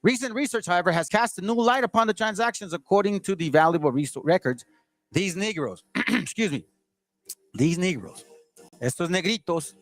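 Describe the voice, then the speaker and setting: A man's voice: sits high, expressive, brisk. Combative man lecturing from a book. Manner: combative, lecturing straight at the audience; stumbles and restarts while reading aloud. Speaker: channel host. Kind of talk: reading aloud from a history book with running commentary.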